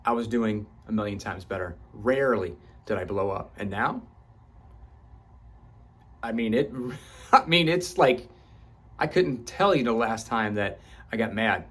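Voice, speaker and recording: A self-help vlogger, a man aged 38 or older, delivers a passionate motivational monologue about his own growth in a fairly low, fairly bright voice with a breathy edge. He swears for emphasis, and his pitch climbs as his fervor builds.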